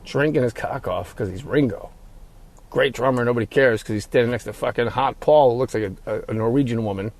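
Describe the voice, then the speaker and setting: Gravelly middle-aged man rambling. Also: mid-range voice, fairly quick, darkish tone. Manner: rambling, profane, ad-libbing. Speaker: podcast host. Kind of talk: casual solo monologue.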